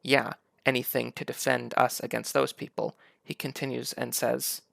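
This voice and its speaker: A man's voice: medium pitch, level tone, moderate pace, gravelly, fairly bright tone, no room sound, clean studio sound. A man giving sarcastic, mocking political commentary over video clips. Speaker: commentary YouTuber.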